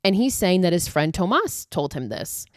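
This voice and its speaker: A woman with a somewhat low voice hosts a podcast and walks through a horror film's plot in a loose, chatty way. She leans on filler words and the odd swear. The sound is dry and close, with no room around it. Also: big pitch swings, moderate pace, no room sound. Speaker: podcast host. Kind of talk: casual horror movie recap.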